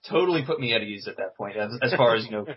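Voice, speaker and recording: A man in casual podcast chat, speaking haltingly with many fillers and repeated words. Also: on the low side, expressive, husky, muffled recording. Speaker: podcast guest, convention interviewer.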